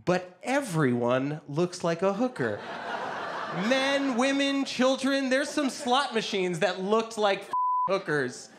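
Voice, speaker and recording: A man in his thirties telling a stand-up story in an animated, excitable way, with quick bursts. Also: high-pitched, noisy background. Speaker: stand-up comedian. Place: comedy stage.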